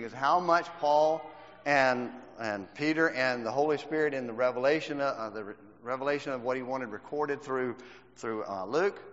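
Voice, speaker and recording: A man's voice: medium pitch, fairly bright tone. A man teaching a Bible class, quizzing his students and stressing each point. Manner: quizzes the class with questions, emphatic. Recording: dull lo-fi recording in a reverberant hall.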